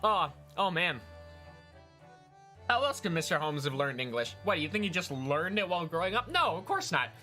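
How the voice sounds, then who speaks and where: A man's voice: a little high, very animated, moderate pace, pushed and bright, faint music behind. Joking young man streaming a game. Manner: casual, joking, swears freely. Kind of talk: let's play commentary.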